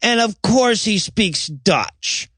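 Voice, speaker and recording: A man's voice: high voice, lively intonation, slow, sharp tone, breathy edge, no room sound. A man co-hosting a comedy podcast, recapping movie scenes with mock quotes and frequent laughter. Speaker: podcast co-host. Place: podcast recording.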